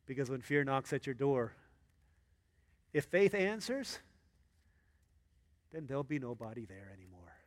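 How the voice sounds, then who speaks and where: A man preaching a sermon as pastor, acting out Bible characters in an excited voice and dropping low and hushed for earnest points. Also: unhurried, pauses often. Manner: animated, acts out Bible characters in a high excited voice.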